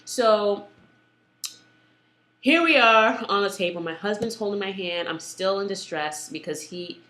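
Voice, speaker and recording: A young woman candidly telling the story of her birth, animated and blunt, with many fillers. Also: mid-range voice, unhurried, echoey room. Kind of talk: emotional personal storytelling.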